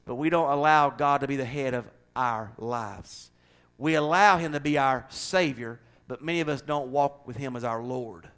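A man preaching a sermon, swinging between loud, driving declarations and quiet conversational asides. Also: medium pitch, normal speed, clear, resonant tone.

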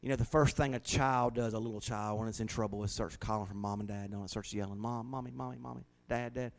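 A man's voice: on the low side, flat delivery, quick pace. Folksy preacher man. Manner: folksy storytelling, shifting from hushed to shouting. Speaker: pastor. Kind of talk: sermon.

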